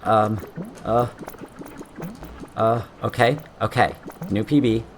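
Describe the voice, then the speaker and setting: A man's voice: on the low side, fairly even intonation, slow pace, a little hiss or hum. A man streaming a video game, thinking aloud with frequent swearing, restarts and sudden yelps when things go wrong. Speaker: streamer playing a game blind. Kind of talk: casual gameplay commentary.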